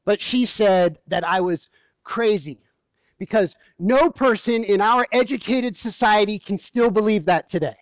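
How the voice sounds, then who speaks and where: In a church, a male pastor preaches with a relaxed, joking, storytelling style, as if chatting with the congregation. His voice is high for a man and his pace is measured. The recording is dry and close, with little room echo.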